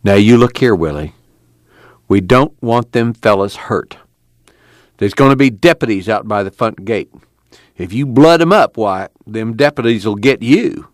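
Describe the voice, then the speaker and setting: Casting: a man doing an anxious camp leader, earnest drawl, lively ups and downs, dry close sound. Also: lowish voice, unhurried, no room sound. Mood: stern. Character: worried stern male camp committee leader.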